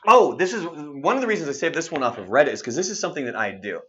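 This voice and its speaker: A man in his thirties with a slightly high voice races through his words, and the recording has its highs cut off. Hosting a radio show's online segment, he tells stories in a casual, animated chat, swearing frequently and acting out quotes.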